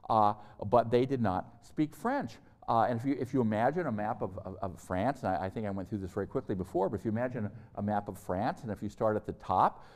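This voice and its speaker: Halting older man giving a lecture. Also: on the low side, a little mellow. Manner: halting, many fillers and restarts; discursive, asides. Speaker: history lecturer. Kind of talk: university lecture.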